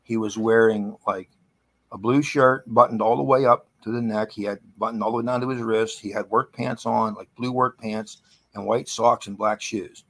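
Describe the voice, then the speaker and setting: Husky middle-aged man telling a ghost story. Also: fairly low pitch, fairly even intonation, normal speed. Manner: rambling, chatty, with many restarts and laughs. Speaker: guest storyteller. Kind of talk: casual spoken ghost story.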